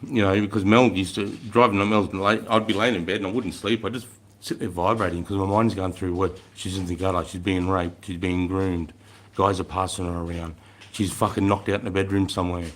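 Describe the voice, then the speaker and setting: Blunt, deep-voiced Australian man. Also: little pitch movement, normal speed. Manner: blunt, swears freely, matey slang. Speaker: livestream host. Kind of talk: casual chat with viewers.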